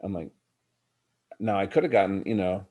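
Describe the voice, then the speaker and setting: Middle-aged guy telling a story on a podcast, earnest and reflective, lowish voice. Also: moderate pace, lo-fi sound. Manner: earnest, reflective, addresses the host by name. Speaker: podcast guest, author. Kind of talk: personal storytelling in a podcast interview.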